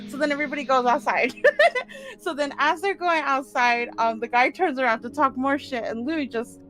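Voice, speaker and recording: High-voiced woman recapping a game. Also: a little fast. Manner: animated, laughs and swears often. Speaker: player recapping the last session. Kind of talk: casual recap chat.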